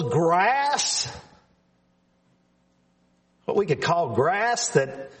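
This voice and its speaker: Slow, lively high-voiced male preacher. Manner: earnest, emphatic, repeats words for stress. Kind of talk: sermon.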